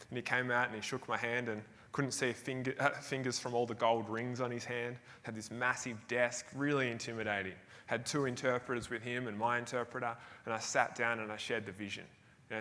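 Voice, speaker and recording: A man's voice: medium pitch, pushed and bright. A man from Tasmania with an Australian accent, telling his story with energy and frequent laughs as a keynote speaker on a conference stage. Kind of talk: motivational stage talk. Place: large event hall. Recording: long hall reverb.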